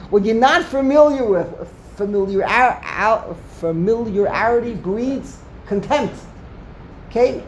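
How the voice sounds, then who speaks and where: A man's voice: high-pitched, a little hiss or hum. A man leading a Talmud study discussion, asking rhetorical questions and mixing in Hebrew terms. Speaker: Torah study teacher.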